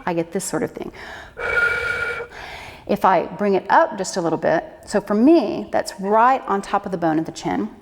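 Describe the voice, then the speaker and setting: A woman's voice: mid-range voice, normal speed. A woman flute instructor giving an encouraging, demonstrative lesson for beginners. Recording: echo with long reverb.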